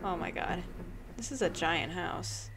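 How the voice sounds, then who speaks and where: A woman's voice: fairly low pitch, unhurried, heavy background noise. A woman commentating a horror game she plays, often exclaiming in fright and laughing nervously. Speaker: gaming YouTuber.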